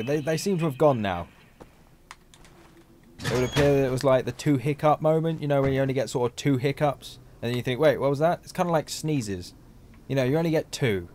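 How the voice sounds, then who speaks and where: A man's voice: mid-range voice, darkish tone, a little hiss or hum. A man giving chatty, rambling let's-play commentary as a gaming channel host, joking and laughing often.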